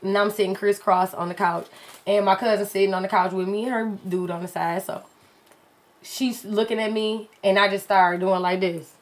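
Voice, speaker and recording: A woman's voice: mid-range voice, normal speed. A woman with a Detroit accent, a podcast guest telling a story in casual chat and acting out the voices in it. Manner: animated, acts out the voices in her story.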